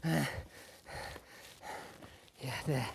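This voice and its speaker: An actor in a live stage monologue playing a tormented man who caught his wife cheating. He stammers, repeats broken phrases, and swings between hushed murmurs and shouts. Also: mid-range voice, fairly even intonation, drawn-out words, creaky, husky, full character voice. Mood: anguished. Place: café bar stage before a live audience.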